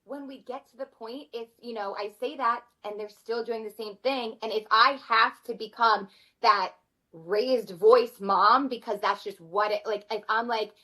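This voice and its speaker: A woman in her thirties, a mother of four, speaking as a podcast guest in an earnest, animated way. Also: on the high side, measured pace, rough recording. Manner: earnest, animated, acts out her kids' voices. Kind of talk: conversational interview.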